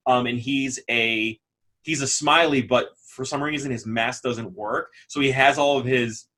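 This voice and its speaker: A man co-hosting a casual podcast, talking animatedly, often laughing and breaking into quick character impressions. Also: medium pitch, steady tone, pushed and bright. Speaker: podcast co-host. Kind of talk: casual chat.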